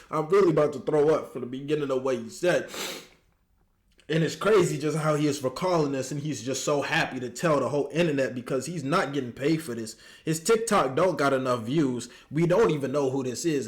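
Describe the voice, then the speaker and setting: A man giving comedic reaction commentary, mocking and animated, jumping into high squeals of disbelief. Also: normal speed.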